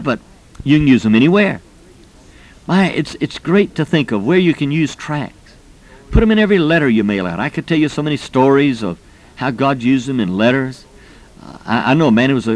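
A man from Florida preaching, telling a personal story in a folksy, animated way about using gospel tracts. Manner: folksy, animated storyteller who acts out quoted voices with rising pitch. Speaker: preacher teaching personal evangelism. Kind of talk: storytelling sermon.

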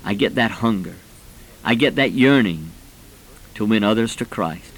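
A man's voice: fairly low pitch, lively intonation, unhurried, rough recording. A man in his forties preaching a sermon, fervent and rising to emphatic peaks as he tells personal stories. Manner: personal storytelling.

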